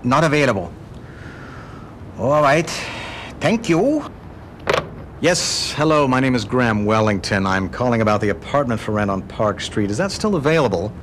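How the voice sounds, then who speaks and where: A man's voice: mid-range voice, big pitch swings, normal speed, long pauses, a bit bright, slight background noise. A man playing a polite caller asking about an apartment in a public service ad, switching between several voices. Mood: polite inquiry.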